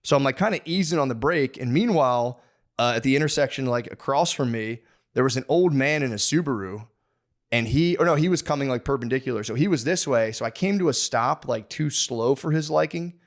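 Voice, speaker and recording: A man's voice: medium pitch, animated, brisk. A man hosting a comedy podcast, telling a long profane story as a rambling, mock-aggressive rant full of restarts and asides. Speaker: podcast host. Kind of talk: comedic ranting monologue.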